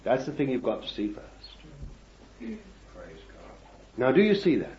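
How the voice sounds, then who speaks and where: Preacher, slow and dramatic. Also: male voice, mid-range voice. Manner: expressive preaching, swinging from hushed to loud; addresses listeners as beloved, reads scripture aloud. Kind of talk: sermon. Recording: dull, echoey old recording.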